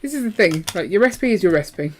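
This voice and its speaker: A woman's voice: fairly low pitch, lively intonation, fast talker, background noise. A woman, chatting playfully during a live stream and reading out viewer messages. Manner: playful, chatty, jumps between topics; reads viewer messages aloud. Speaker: co-host of a live building stream. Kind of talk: casual chat while building and reading chat.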